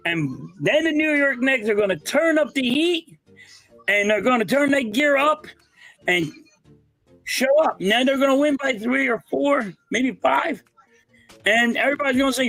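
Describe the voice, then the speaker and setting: A man co-hosts a casual sports debate in a very high voice, heard dry and close. He hammers home his predictions with insistent emphasis, while faint music plays behind him. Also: lively intonation, moderate pace, gravelly, fairly bright tone, dry recording. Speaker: co-host.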